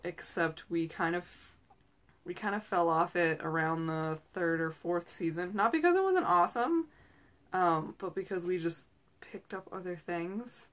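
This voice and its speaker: A woman in her thirties chatting casually as a host, rambling through tangents with lots of fillers. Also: low-pitched. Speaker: host and direct seller. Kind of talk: casual chat. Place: small room at home.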